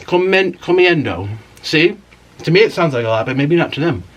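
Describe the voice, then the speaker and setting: A man's voice: on the high side, animated, fast, fairly bright tone, rough recording. A man hosting an eating video, chatting casually and rambling while he eats and murmurs with each bite. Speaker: mukbang host.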